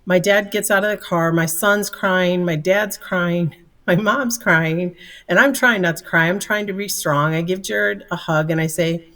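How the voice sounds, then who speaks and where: Middle-aged woman guest, earnest storyteller, lowish voice, slightly distant mic. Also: a little slow, fairly bright tone. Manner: earnest, candid, laughs easily. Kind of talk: storytelling in a podcast interview.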